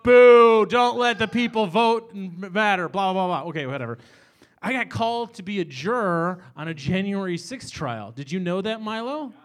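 A man's voice: high voice, expressive, normal speed, fairly bright tone. A middle-aged man hosting a live comedy talk show in a small bar, rambling and self-deprecating, working up into exasperated rants. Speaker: host.

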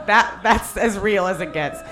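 A young woman comedian doing stand-up, then chatting casually with a laughing, self-mocking manner. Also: medium pitch.

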